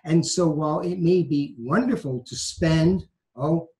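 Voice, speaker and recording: A man's voice: a little high, a little slow, darkish tone, poor audio. A man from New York with a light Brooklyn accent, a law professor giving emphatic advice and repeating his key phrases. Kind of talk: conversational advice talk.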